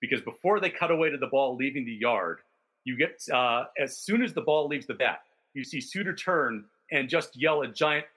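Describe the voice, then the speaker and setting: A man's voice: mid-range voice, animated, moderate pace, fairly bright tone, breathy edge. A man co-hosting a casual sports podcast, telling stories in detail and backing them with statistics. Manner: detailed, enthusiastic storytelling with stats. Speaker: podcast co-host.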